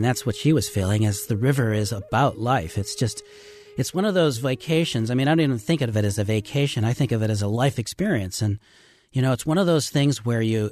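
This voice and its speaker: A man's voice: mid-range voice, darkish tone, no echo. Earnest middle-aged man, dry sound. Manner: earnest storyteller, halting with fillers. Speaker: river rafting trip leader. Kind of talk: radio interview guest.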